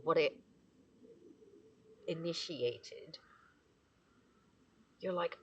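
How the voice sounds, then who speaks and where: A woman's voice: on the low side, animated, a little slow, pauses often, a little hiss or hum. A woman vlogging outdoors among trees in the morning, tearful and effusive, laughing often as she reflects. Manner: emotional, effusive, laughing often, bursts into singing. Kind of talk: casual spoken reflection.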